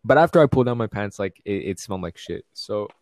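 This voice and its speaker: A man's voice: lowish voice, expressive, fast, darkish tone, dry recording, studio quality. A young man telling a rambling, profane, comic story in casual chat.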